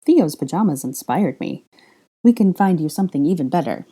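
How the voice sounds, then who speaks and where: A woman voicing a bold, cheeky young witch with a playful, breathy drawl, raised above her own voice, in a storybook reading. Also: deep voice, expressive, a little fast, warm tone.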